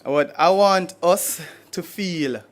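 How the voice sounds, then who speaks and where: A man's voice: high-pitched, slow pace, a bit bright. A Jamaican man performing spoken word poetry for an audience, playful and rhythmic with light laughter. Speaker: poet performer.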